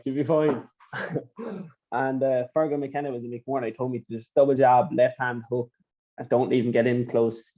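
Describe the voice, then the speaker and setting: A man's voice: medium pitch, highs cut off. A young Irish man, a boxer, telling stories from his career in a rambling, casual interview manner. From Ireland. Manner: rambling, repeats phrases, says "do you know what I mean".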